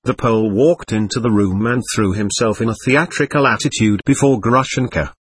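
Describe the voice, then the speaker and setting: A man narrating a classic novel as an audiobook, with expressive storytelling. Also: on the low side, moderate pace, breathy edge, dry recording.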